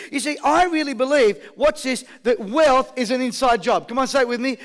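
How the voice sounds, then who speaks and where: A man with a very high voice runs a motivational seminar. He talks with constant energy, calls on the audience to answer and repeat after him, and drops jokey stories along the way. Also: fairly quick, hardly any pauses. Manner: energetic call-and-response with the crowd; jokey storytelling. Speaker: motivational speaker. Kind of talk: live seminar talk.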